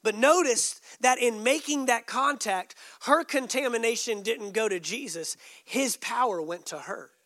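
High-voiced pastor preaching a sermon. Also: male voice, a little slow, hardly any pauses, no echo, studio quality. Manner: emphatic preaching with sudden soft drops and joking asides.

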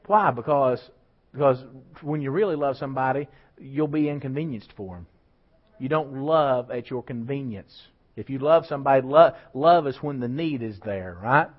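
A man's voice: mid-range voice, normal speed. A man preaching a sermon, building emphasis and throwing asides to the congregation. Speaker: pastor. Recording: slightly dull lo-fi church recording.

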